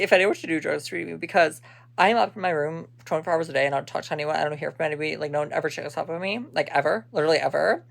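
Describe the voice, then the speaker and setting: Young woman rambling to camera, low voice with lots of fry, swears a lot. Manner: rambling, blunt and profane, filler-heavy. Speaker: vlogger. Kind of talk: casual vlog chat.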